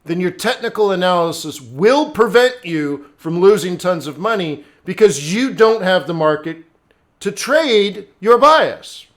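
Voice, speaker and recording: Blunt, high-voiced man coaching traders. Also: lively intonation, unhurried. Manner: blunt, conversational, answers chat viewers by name. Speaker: forex trading livestream host. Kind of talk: live trading stream commentary.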